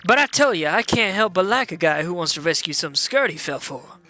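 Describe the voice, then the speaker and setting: A man voicing a gruff older male mob boss with a New York gangster accent, reading game dialogue aloud in a tough, clipped, bossy way. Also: high-pitched, animated, a little fast, sharp tone, soft background music. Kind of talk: video game dialogue read-along.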